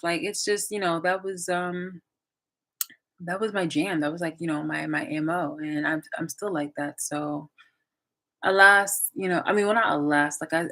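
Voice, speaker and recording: A woman's voice: fairly low pitch, a bit bright, rough recording. A young woman chatting casually on a live stream, rambling with many fillers and restarts. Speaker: vlogger waiting for live chat.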